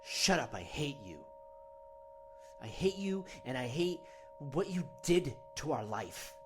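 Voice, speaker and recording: A man's voice: medium pitch, sing-song, slow pace, music in the background. A man voicing an angry drunk version of himself, bitter and hostile.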